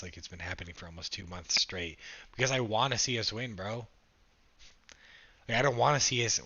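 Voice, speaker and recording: Young guy streaming a game, low but punchy voice, annoyed play-by-play, muffled lo-fi mic. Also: pushed and bright, no room sound. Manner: frustrated play-by-play, talks to chat. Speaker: livestreamer reacting to a game. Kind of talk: casual live game reaction, reading chat. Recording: dull lo-fi stream audio.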